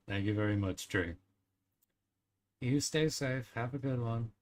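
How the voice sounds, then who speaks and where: Taking it slowly, a medium-pitched young streamer chats casually with his live chat. He rambles on with lots of filler words, little laughs and tic-like sounds.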